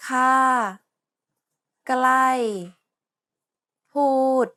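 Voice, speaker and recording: A woman pronouncing single words slowly and crisply as models for learners. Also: sharp tone. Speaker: native speaker modeling words.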